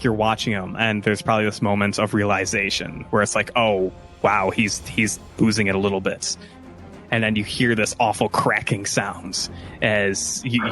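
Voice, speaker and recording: A man's voice: fairly low pitch, sharp tone. A man narrating a tabletop game as game master, telling the story casually with filler words.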